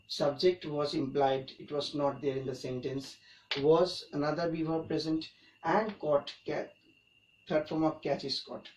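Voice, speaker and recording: A man's voice: on the high side, a little mellow. A man teaching an English grammar lesson, explaining each point and repeating it for emphasis. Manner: repetitive, emphatic explaining with restarts. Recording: echoey room, mic at a distance, faint background noise.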